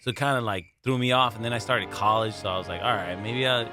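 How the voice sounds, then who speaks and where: A man's voice: on the low side, fast, over music. A man co-hosting a comedy podcast, telling rambling stories with lots of laughter and swearing. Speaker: podcast co-host. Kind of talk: casual comedy podcast chat.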